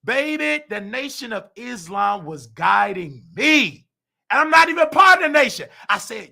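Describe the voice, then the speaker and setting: A male show host, telling a story in an excitable, preachy rant that breaks into shouts. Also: very high-pitched, normal speed, creaky. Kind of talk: animated personal storytelling.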